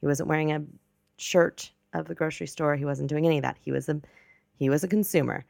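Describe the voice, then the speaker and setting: Low, gravelly woman telling stories. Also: steady tone, quick pace, darkish tone, no room sound, clean studio sound. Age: 20s. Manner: rambling, self-correcting, chatty. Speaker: podcast host. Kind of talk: casual storytelling monologue.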